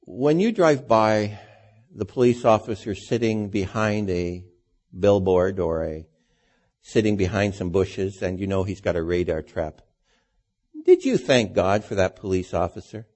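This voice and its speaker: A male preacher delivers a sermon in a relaxed, conversational way. His voice is warm and a little husky. He keeps turning to his listeners with rhetorical questions. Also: on the low side, a little slow.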